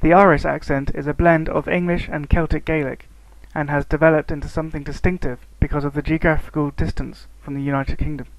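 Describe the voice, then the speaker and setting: A man reads a scripted educational narration in a slightly higher voice. He keeps a steady reading pace and slows down on the example words. The recording is dry and close, with no room sound. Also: no room sound, rough recording. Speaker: student narrator.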